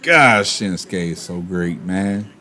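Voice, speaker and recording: A man streaming and chatting casually, animated, with quick asides and laughs. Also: sits low. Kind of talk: casual chat while opening cards.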